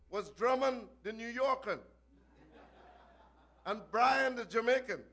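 High-voiced preacher telling a vision. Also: male voice, gravelly. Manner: archaic biblical cadence, shouted refrains. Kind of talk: sermon recounting a vision.

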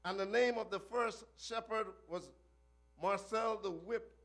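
High-voiced preacher telling a vision. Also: male voice, a little slow. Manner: archaic biblical cadence, shouted refrains. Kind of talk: sermon recounting a vision.

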